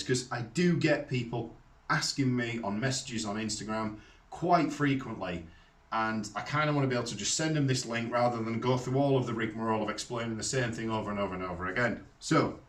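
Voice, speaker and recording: A man talks through his riding kit in a loose, chatty way, calling his viewers guys. His voice sits back from the microphone and rings around the space, and his pitch is in an ordinary middle range. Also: recorded from a distance. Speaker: motorcycle vlogger. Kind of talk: casual how-to talk to camera. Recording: roomy sound from off the mic.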